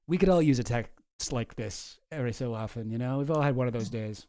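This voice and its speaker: A man's voice: medium pitch, a little fast, hardly any pauses, warm tone, no room sound, studio quality. A man giving casual, sarcastic, profane reaction commentary on a video.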